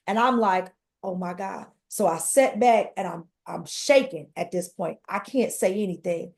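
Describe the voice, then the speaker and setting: A woman, a podcast guest telling her personal story in a lively conversational way. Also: medium pitch, normal speed, creaky. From Detroit. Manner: animated, conversational storytelling with acted-out quotes.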